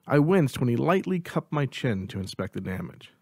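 A man narrates a novel in the first person, keeping a steady, even storytelling pace. His voice sits at a middling pitch. The recording is dry and close, with no room sound. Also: moderate pace, no room sound. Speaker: audiobook narrator.

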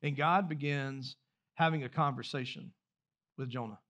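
A man's voice: mid-range voice, moderate pace, a bit bright, lo-fi sound. A man preaching a sermon as pastor, talking loosely and directly to his congregation with rhetorical questions and repeated words. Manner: repeats words and restarts phrases while speaking freely. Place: church sanctuary.

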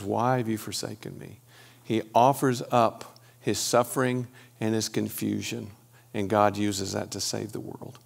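Middle-aged male church teacher; gravelly, conversational delivery with frequent pauses. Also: on the low side. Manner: conversational, pauses with fillers and restarts.

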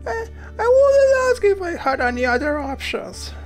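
A woman voicing a desperate relative who pleads in a very high, tearful voice as she reads a game aloud. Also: very animated, moderate pace, faint music behind. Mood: pleading.

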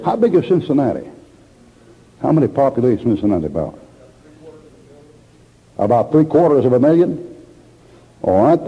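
In a husky, mid-pitched voice, a man delivers a sermon as a folksy storyteller, hammering his points home with emphatic repetition. The recording is a dull, muffled old tape carrying the long echo of a church hall.

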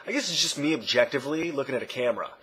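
A man talking casually to his camera in a rambling way, correcting himself and often trailing off quietly. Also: medium pitch, lively intonation, racing, rough recording. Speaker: vlogger. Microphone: camera mic.

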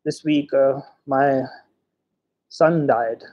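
A man voicing a humble, grieving old male cab driver who speaks softly and haltingly. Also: medium pitch, steady tone, highs cut off, voice pushed down. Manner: soft, halting, sorrowful.

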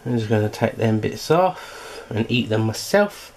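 A man's voice: fairly low pitch, expressive, a little slow, darkish tone. Chatty man hosting a home cooking vlog. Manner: chatty, filler-heavy, eating while talking. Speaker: cooking channel host.

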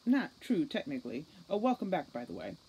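A woman's voice: low-pitched, huge pitch swings, fairly quick, dark tone, slightly rough, exaggerated voice, poor audio. Woman playing a smug, sarcastic centaur techie. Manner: sarcastic, flippant. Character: smug, wisecracking male centaur technician.

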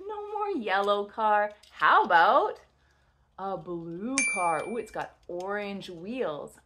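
A woman teaching toddlers first sentences, with playful, exaggerated, drawn-out words in a slow sing-song. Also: medium pitch, big pitch swings, a bit bright.

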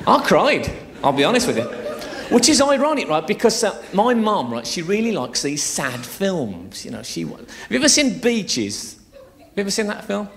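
A man's voice: high voice, very animated, moderate pace, creaky, a bit bright. A man in his thirties doing a crude, chatty live stand-up routine on a theatre stage, teasing the audience. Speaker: stand-up comedian. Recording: live show with audience laughter.

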